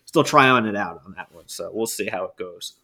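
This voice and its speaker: A man co-hosting a podcast, telling a story in a casual, animated way with laughs and swearing. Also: lowish voice, moderate pace, slightly rough. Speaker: podcast co-host.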